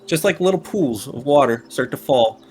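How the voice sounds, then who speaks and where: Man, game master, playful narration, mid pitch, slight room noise. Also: expressive, normal speed, a little mellow. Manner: playful storytelling, laughs often.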